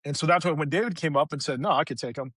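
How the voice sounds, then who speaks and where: A man sharing personal stories as a podcast guest in a casual, animated way, acting out the people he quotes. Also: a little high, very fast, husky, no echo. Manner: animated, acts out quoted voices in retelling. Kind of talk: casual conversational storytelling.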